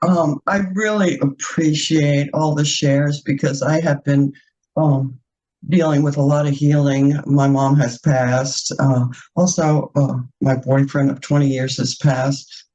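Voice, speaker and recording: A woman's voice: deep voice, steady tone, unhurried, mellow, rough recording. A woman in an online group share, crying and heartfelt, laughing through her tears. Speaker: participant. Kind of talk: emotional personal share.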